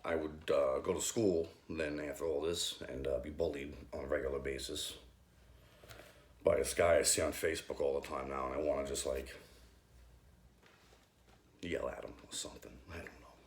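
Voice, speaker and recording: A man, a youth group leader, giving a halting, nervous personal faith testimony full of ums. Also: extremely low pitch, fairly even intonation, reverberant. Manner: hesitant, halting, many ums.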